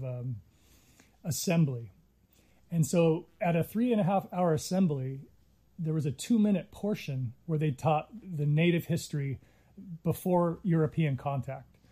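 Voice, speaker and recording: A man's voice: on the high side, mellow. A middle-aged man speaking earnestly in an interview, telling a story with many small restarts. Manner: earnest, reflective, with frequent restarts. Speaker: interviewee, Native filmmaker.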